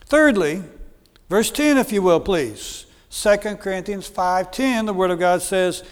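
A man's voice: high-pitched, measured pace, clear, resonant tone. A middle-aged American man preaching a sermon as a guest speaker, earnest and repetitive, with frequent fillers. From United States. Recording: long hall reverb.

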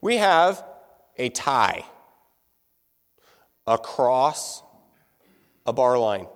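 A man's voice: mid-range voice, very animated, very slow, big-room sound. A man teaching music to a room full of people, talking casually and asking them questions. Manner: conversational, asks the room questions. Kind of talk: classroom lecture.

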